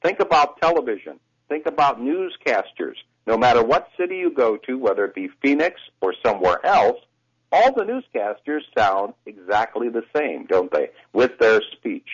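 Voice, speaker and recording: A man who coaches voices, explaining things in a lively, teacherly way as a guest on a radio talk show, heard over a phone line. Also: mid-range voice, normal speed, breathy edge.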